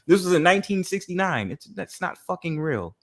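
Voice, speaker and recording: A man's voice: high-pitched, big pitch swings, moderate pace, a bit bright. Man, casual podcast chat, rambling, lots of ums and laughs, agreeable. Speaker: podcast co-host.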